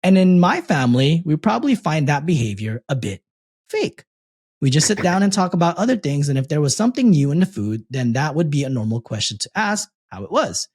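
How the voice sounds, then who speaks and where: A man co-hosting a casual podcast, reading a post aloud in a steady, measured way and chatting between reads. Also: on the high side, breathy edge. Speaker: podcast co-host reading a story.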